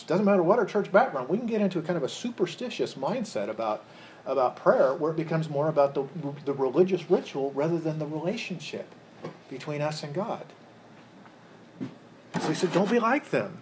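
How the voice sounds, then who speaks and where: This pastor's voice sits a little high and a little mellow, caught on a rough recording with slight background noise. Preaching before a live congregation, he poses questions to the room and restarts phrases, repeating words along the way.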